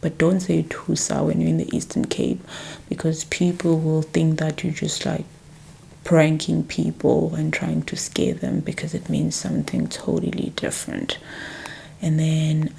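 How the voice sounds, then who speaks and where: A young woman whispering softly through an ASMR language lesson, repeating words slowly. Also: deep voice, little pitch movement, creaky, slight background noise. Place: quiet room at home.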